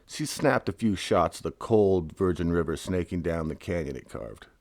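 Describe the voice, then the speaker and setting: A man's voice: low voice, expressive, moderate pace, vocal fry, a little mellow, no echo, studio quality. A man reading his own memoir aloud in a wry, casual storytelling manner. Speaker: narrator.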